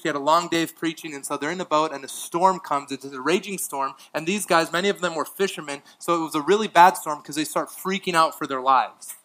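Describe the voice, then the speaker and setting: A male pastor preaching a sermon, swinging from emphatic lines to hushed ones, with casual asides and light laughs. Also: a little high, low-quality recording.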